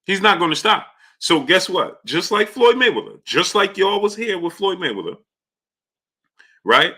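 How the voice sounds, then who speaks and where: Bright-voiced man ranting about boxing. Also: sits high, big pitch swings, moderate pace. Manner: greets chat viewers by name between rants; argumentative, repeats points. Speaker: boxing show host. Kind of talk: live-stream commentary.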